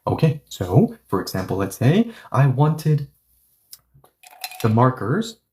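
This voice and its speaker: A man whose first language is Korean teaches a casual lesson, thinking aloud in a medium-pitched voice. He strings his points together with "okay, so" and rhetorical checks to the viewer. He slows down and repeats the Korean example phrases several times. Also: very animated, darkish tone. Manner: explains step by step, thinks aloud with lots of "okay, so" and rhetorical questions.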